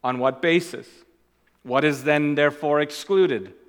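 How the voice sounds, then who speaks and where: A man preaching a sermon as pastor. He stresses and repeats key phrases, and his voice swings between loud and quiet. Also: on the high side, a little slow, clear, resonant tone, long reverb tail.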